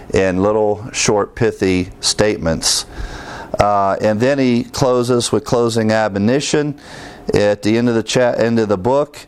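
Guy teaching a bible class, lowish voice, chatty with lots of ums and questions to the room. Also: clear, resonant tone. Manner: conversational, with many fillers and rhetorical questions.

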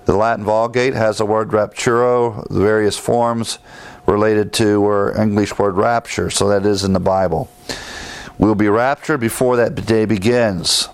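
A man's voice: on the low side, steady tone, a little slow, clean tone. A man teaching a sermon, emphatic, repeating key phrases and citing scripture verses. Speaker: preacher.

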